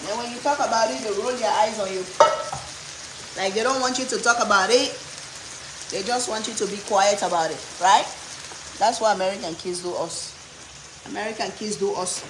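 A woman from Africa tells funny stories while cooking in her home kitchen, an animated, humorous cooking vlogger chatting away. Her voice is mid-range and her pace moderate, with long pauses. The kitchen is echoey and noisy, with faint cooking sounds behind her.

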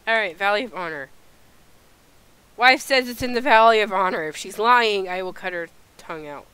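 Lively, bright-voiced woman gamer. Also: medium pitch, normal speed, smooth, no room sound. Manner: animated, exasperated, thinking aloud. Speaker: gameplay video host. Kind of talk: casual let's-play commentary.

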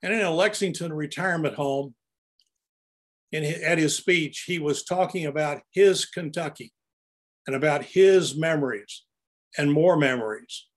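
A man's voice: a little high, unhurried. An older man narrating his own photographs in an anecdotal, storytelling way as he presents them.

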